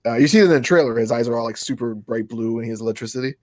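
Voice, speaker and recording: A man in his thirties co-hosting a podcast, excitable and swearing freely, his pitch jumping up when he gets worked up. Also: rapid-fire, no room sound, studio quality. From Europe. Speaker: podcast co-host. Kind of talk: casual chat.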